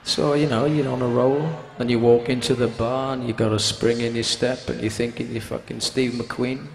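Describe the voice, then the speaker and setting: A man, a rock singer, telling a rambling, swear-filled story to a concert crowd between songs, sometimes shouting out to the audience, on a stage microphone. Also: mid-range voice, flat delivery, normal speed, vocal fry. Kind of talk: onstage anecdote between songs. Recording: live concert audio with music behind.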